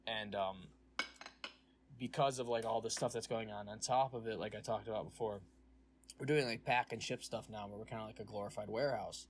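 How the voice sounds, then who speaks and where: A man's voice: on the low side, steady tone, fairly quick, slight background noise. A young man hosting a casual podcast, telling a long, profane story about his job and acting out what others said. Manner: ranting storytelling, profane, acts out quoted voices. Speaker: podcast host. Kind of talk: casual chat.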